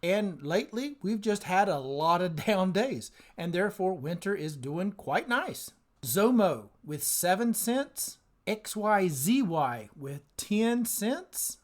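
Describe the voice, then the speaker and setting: Slow-talking excitable male finance vlogger. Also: sits high. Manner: excitable, bursts into exclamations and laughs. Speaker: investing channel host. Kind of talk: casual commentary running through payout figures.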